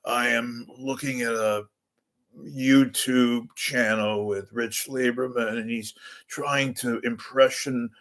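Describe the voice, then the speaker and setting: Man doing a slow deadpan actor impression, drawn-out words, flat delivery. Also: mid-range voice.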